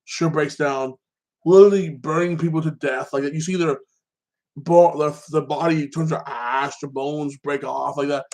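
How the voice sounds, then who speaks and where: Rambling, excitable man with a higher voice. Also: moderate pace. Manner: rambling, excitable retelling with constant fillers. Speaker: podcast host. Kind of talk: casual movie recap chat.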